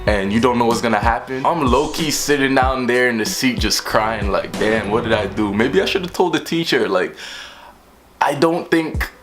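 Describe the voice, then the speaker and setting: A young man telling a storytime vlog in an animated way, acting out the voices of the people in his story. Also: mid-range voice, normal speed, over music. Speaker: vlogger.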